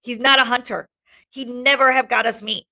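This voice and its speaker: A woman's voice: on the high side, steady tone, normal speed, vocal fry, bright, forceful tone, voice pushed up. A woman voicing a boastful, hostile boy leader of hunters in a read-aloud novel, speaking defiantly and insistently.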